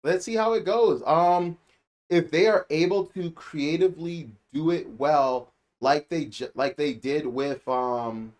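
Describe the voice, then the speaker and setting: A man's voice: on the high side, a little slow, darkish tone. Rambling male anime reviewer. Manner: rambling, repeats himself, emphatic. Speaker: anime reviewer and channel host. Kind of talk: casual spoken review.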